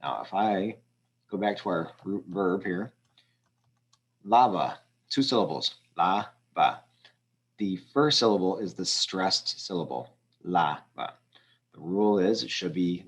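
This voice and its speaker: A man teaching a language lesson over a screen walkthrough, talking his students through exercises step by step in a relaxed way with frequent ums. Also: low voice, normal speed. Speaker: Spanish teacher.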